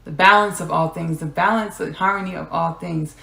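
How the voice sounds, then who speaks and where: A woman's voice: lowish voice, fairly even intonation, fairly quick, vocal fry, a bit bright, reverberant. A woman hosting a podcast, giving a spiritual channeling monologue, repeating her phrases and drifting into whispers. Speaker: podcast host.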